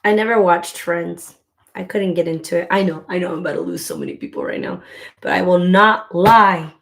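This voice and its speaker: A woman's voice: lowish voice, sing-song, a little fast, vocal fry. Chatty woman rambling at home. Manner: rambling and chatty, heavy on filler words. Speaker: crochet vlogger. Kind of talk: casual chat while crocheting.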